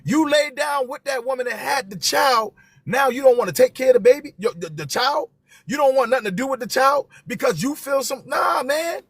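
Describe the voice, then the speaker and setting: A man's voice: very high voice, animated, normal speed, fairly bright tone, breathy edge, no room sound. A man, hosting a live stream and talking to viewers with passion, repeating his key phrases for emphasis.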